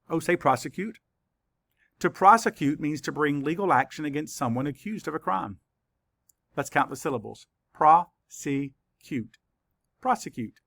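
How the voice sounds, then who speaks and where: A man with a gravelly voice leads a children's spelling lesson. He speaks slowly and carefully and sounds out each letter. His voice is recorded dry and close, with no room echo. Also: on the high side, a bit bright. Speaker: teacher.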